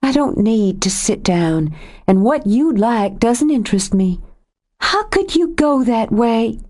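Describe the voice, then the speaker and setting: A woman's voice: a little high, very animated, slow, pitched above the performer's own voice, exaggerated voice. A woman doing a hurt, accusing young woman. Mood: hurt, angry. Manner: sharp, raised, accusing. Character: hurt, angry young woman confronting her lover. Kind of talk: audiobook character voice.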